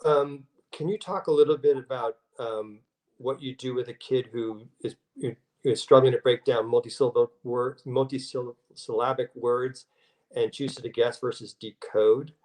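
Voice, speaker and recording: A man's voice: medium pitch, fairly even intonation, moderate pace, a little mellow, low-quality recording. A man hosting an interview asks his questions casually. He hesitates often, circling back and restarting his sentences. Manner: hesitant, lots of fillers and restarts.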